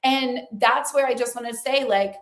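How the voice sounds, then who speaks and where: A woman's voice: fairly high pitch, normal speed, echoey room. A woman giving an earnest, chatty motivational talk to camera, full of fillers, sometimes dropping to a near whisper. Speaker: lifestyle and faith vlogger.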